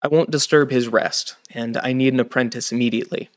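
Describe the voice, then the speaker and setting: A man voices an old, cloaked male stranger who speaks in few, terse words. He stays aloof and unhurried in this storybook. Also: medium pitch, steady tone, natural voice. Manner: terse, curt.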